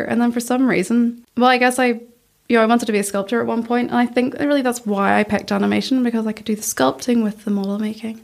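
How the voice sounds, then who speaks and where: A young woman from Northern Ireland with a Northern Irish accent, speaking softly and shyly as a guest in a casual interview, laughing often. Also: fairly high pitch, fast, creaky. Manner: soft-spoken, shy, laughs often. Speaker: guest puppet-maker.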